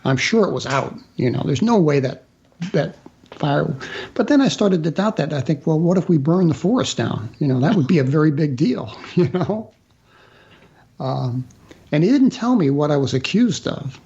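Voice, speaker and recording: A man telling a personal story as a guest author in a radio interview, halting with fillers and restarts. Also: fairly high pitch, expressive, gravelly, a little mellow, highs cut off.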